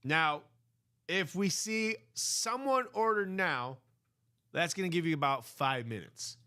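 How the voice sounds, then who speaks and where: Slow, rambling male stream host. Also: fairly high pitch, animated, pushed and bright, clear, resonant tone. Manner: rambling, slow, filler-heavy. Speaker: host of a live card break stream. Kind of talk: casual live-stream chat.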